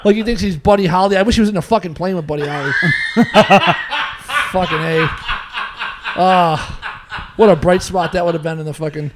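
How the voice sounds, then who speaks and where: A man with a high voice rants and swears through a casual podcast chat. There is clear noise under the recording. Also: normal speed, long pauses. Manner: ranting, swearing, laughing. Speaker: podcast co-host. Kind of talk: casual profane podcast banter.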